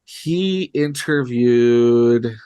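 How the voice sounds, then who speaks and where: A man's voice: mid-range voice, drawn-out words, dark tone, clear, resonant tone. A man co-hosting a podcast, retelling a show in a rambling, filler-heavy casual chat. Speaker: podcast co-host.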